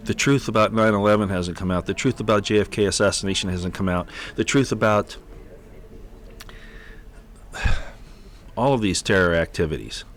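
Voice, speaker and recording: Low-voiced male livestream host, halting and repetitive, exasperated commentary. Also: fairly bright tone. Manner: halting, repeats words often, exasperated. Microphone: computer mic on an unsteady connection.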